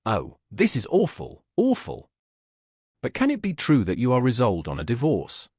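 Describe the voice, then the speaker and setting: A kind, anxious young wife pleads and repeats herself in agitation, as a man puts her on. The voice is lifted higher and husky, with wide swings of pitch, in a dry close recording. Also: wildly swooping pitch, a little fast, darkish tone, no room sound. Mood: distressed.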